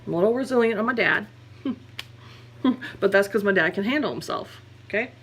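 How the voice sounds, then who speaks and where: A woman's voice: mid-range voice, expressive, brisk, a bit bright, a little hiss or hum. Candid rambling woman. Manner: candid and rambling, with self-corrections. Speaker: vlogger. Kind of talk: personal vlog confession.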